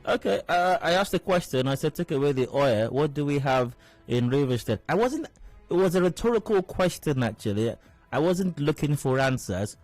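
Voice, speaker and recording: A man's voice: a little high, lively intonation, normal speed, a little mellow, dry recording, soft background music. A man hosting a talk radio show, making wry, rhetorical commentary and repeating phrases for emphasis. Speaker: radio host. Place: radio studio.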